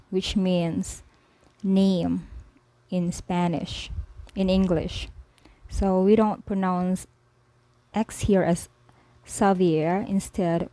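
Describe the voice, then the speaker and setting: A woman's voice: fairly low pitch, mellow, dry recording, low-quality recording. A woman teaching a spoken language lesson, explaining each letter patiently and repeating every example word several times. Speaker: language tutor.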